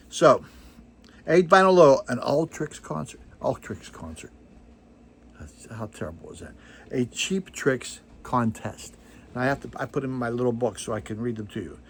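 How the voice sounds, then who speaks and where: A man's voice: medium pitch, fairly bright tone, husky. An older man hosting a vinyl record channel, chatting casually to camera in a rambling, self-deprecating way, full of digressions and fillers.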